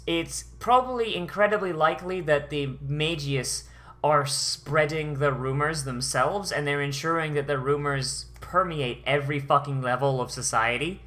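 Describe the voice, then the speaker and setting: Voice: medium pitch, a bit bright. A streamer giving rambling, profane commentary while watching an anime episode, often restarting sentences. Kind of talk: casual reaction commentary.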